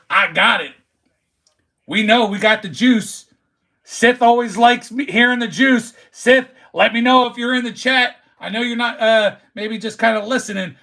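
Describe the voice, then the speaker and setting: A man's voice: high-pitched, gravelly, sharp tone. A man, hosting a casual livestream, talking trash as a rowdy sports fan. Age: 40s. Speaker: livestream host.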